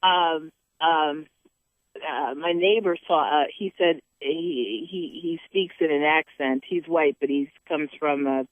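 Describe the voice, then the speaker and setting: A woman's voice: slow pace, dry recording. Woman host, preachy and emphatic, repeats herself, sounds like a phone call. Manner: repeats words for emphasis, rising to a preaching pitch. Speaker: talk show host. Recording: tinny phone line.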